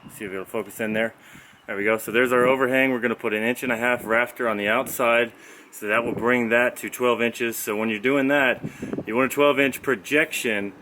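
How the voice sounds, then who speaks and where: A man's voice: mid-range voice, fairly even intonation, a little fast, pushed and bright. A man walking through his building work outdoors, explaining each step in a loose, folksy way, recorded on a camera's own mic. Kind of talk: casual job-site walkthrough. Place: outdoor construction site, windy. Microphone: camera's built-in mic. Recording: windy outdoor camera audio. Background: wind noise.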